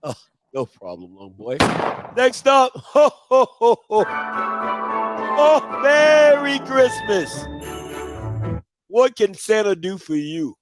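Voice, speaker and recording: A man's voice: sits high, wildly swooping pitch, takes it slowly, long pauses, music in the background, full character voice. A man playing a jolly mall Santa in a comedy skit, ho-ho-ing and cracking up at the kids. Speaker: host.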